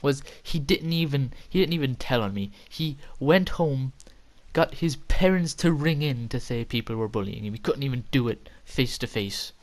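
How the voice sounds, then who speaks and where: A man's voice: medium pitch, lively intonation, normal speed, hardly any pauses. A teenage boy casually telling a story as a vlogger, rambling, stammering and swearing as he goes.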